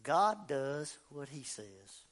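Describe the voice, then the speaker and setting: A man preaching a fervent sermon, swinging between quiet talk and shouting. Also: a little high, expressive, extremely slow. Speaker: pastor.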